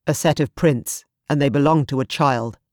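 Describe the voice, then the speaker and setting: A storybook narrator voicing a fierce, protective young husband who speaks firmly and grimly. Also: male voice, mid-range voice, moderate pace, darkish tone, no echo, studio quality, natural voice. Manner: firm, grim, commanding.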